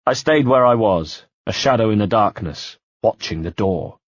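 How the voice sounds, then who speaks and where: A low, husky man reads a first-person audiobook in a measured, quietly tense way. The sound is dull and close, with no room around it. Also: animated, dry recording. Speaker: audiobook narrator. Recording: dull dry home-studio sound.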